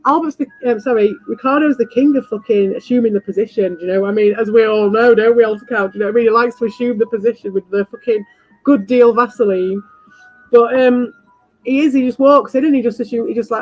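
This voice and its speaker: A woman streamer in a casual ranting chat, animated, swearing freely and repeating herself. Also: on the high side, normal speed, dry recording, highs cut off, faint music behind. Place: home.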